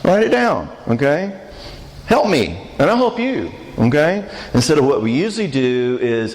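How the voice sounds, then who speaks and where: A man's voice: a little high, sing-song, moderate pace. Man speaking at a church conference. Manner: conversational, joking, asks audience questions. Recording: reverberant church hall.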